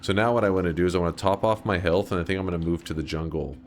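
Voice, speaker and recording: A man streaming a game, telling stories in casual, profane chat and yelling excitedly at the action. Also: sits low, very fast, slight background noise. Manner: profane, chatty storyteller who breaks into loud excited yells at the game. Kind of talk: casual gaming commentary.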